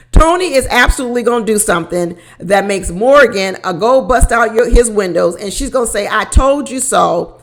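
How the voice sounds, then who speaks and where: A woman talks through a reality TV recap in a loose, chatty way. She is animated and gossipy and laughs between her remarks. She hammers her points home by repeating them. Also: a little high, moderate pace. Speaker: reality show recap vlogger. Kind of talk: casual reality TV recap commentary.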